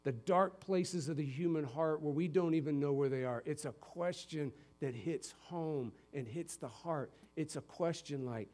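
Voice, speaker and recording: A man from Connecticut preaching a sermon as pastor, conversational and lively, moving between quiet and emphatic stretches. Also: a little high, measured pace, hardly any pauses. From Connecticut, USA.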